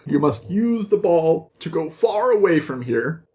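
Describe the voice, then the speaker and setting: A creepy demon baby intones in a deep, slow, menacing voice, put on by a book reviewer. It speaks with eerie calm from inside its host, like a horror-story whisper brought low. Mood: ominous.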